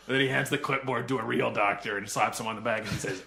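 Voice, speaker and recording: A man hosting a comedy show, telling absurd stories in deadpan improvised banter and often laughing. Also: fairly low pitch, fast, vocal fry, few pauses. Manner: deadpan storytelling with frequent laughs. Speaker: show host.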